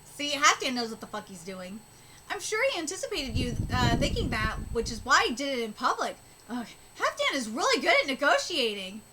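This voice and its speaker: High lively woman reacting to a manga live, swears a lot, trips over words, hissy background. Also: a little fast. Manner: excitable, swears, stammers and restarts. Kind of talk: live reaction with reading aloud. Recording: steady background noise.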